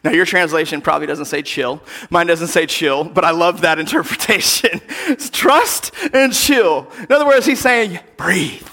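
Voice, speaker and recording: Animated male preacher with a bright, high voice. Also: brisk, few pauses. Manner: animated preaching, acts out quoted voices, drops to near-whispers for emphasis. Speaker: pastor. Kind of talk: sermon.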